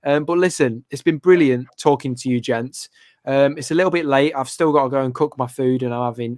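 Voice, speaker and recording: A man with a mid-pitched voice hosts a casual football podcast. He talks in a loose, chatty way and jokes with his co-hosts. The sound is dry and close. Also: no echo. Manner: joking, chatty, teasing co-hosts. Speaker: host.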